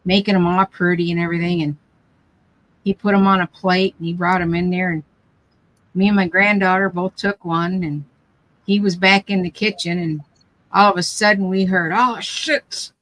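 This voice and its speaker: A woman's voice: lowish voice, level tone, normal speed, fairly bright tone, rough recording. An older woman hosting a casual craft chat, telling rambling family stories with lots of restarts. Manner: chatty, rambling storyteller with frequent restarts. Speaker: craft live stream host.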